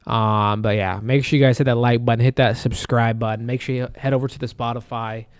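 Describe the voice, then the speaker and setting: A man's voice: medium pitch, steady tone, fairly quick, clear, resonant tone, no echo, clean studio sound. A young man co-hosting a podcast in casual chat, loose and rambling, swearing and laughing often. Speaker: podcast co-host.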